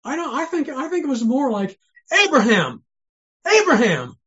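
Speaking a little fast in a very high-pitched, expressive voice, this man delivers an earnest, conversational sermon. He keeps asking rhetorical questions and often begins his sentences again; the sermon recording sounds dull and lo-fi.

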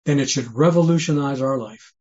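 This preacher has a mid-range voice with a darkish tone and a brisk delivery. Earnest and conversational, he fills his sermon with rhetorical questions and regularly restarts sentences, heard through a dull lo-fi recording.

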